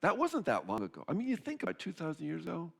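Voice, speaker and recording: A man's voice: on the high side, wildly swooping pitch, fast talker, gravelly, slightly rough. A man giving a sermon as pastor, speaking casually, repeating key phrases for emphasis and briefly acting out the voices of people in the stories.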